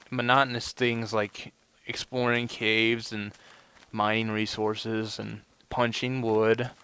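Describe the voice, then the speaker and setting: Gravelly low-voiced man rambling over gameplay. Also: a bit bright. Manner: rambling, lots of "you know" fillers. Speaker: gameplay commentator. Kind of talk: casual let's play commentary.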